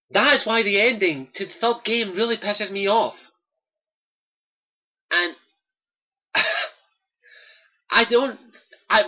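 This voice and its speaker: A man's voice: sits high, sharp tone. A young Scottish man, host of a gaming livestream, speaking to viewers in an earnest, impassioned personal monologue and repeating his key phrases.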